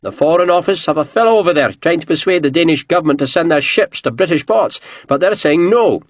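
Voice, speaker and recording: Man doing a gruff blustering general. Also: a little high, expressive, fast talker, no room sound, pitched above the performer's own voice. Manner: growling, blunt, swearing.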